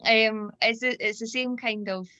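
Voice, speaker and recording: A woman's voice: on the high side, fairly even intonation, a little slow, pushed and bright, dry recording. A woman in her thirties with a Scottish accent, hosting a casual panel chat over a video call, talking with many fillers and restarts. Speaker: event host. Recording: dull lo-fi video call audio.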